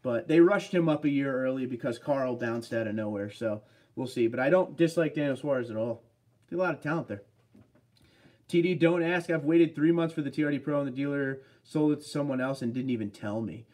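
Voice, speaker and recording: A man in his thirties chats casually on a home livestream. He rambles and jumps from one viewer comment to the next, with a mid-pitched everyday voice. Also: fairly quick, darkish tone. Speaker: livestream host.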